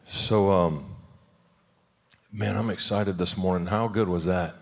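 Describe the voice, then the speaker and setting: A man's voice: low voice, steady tone, takes it slowly, creaky. A man pastoring a church service, talking in an informal, heartfelt way with many restarts, then praying. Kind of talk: sermon and prayer. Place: church sanctuary.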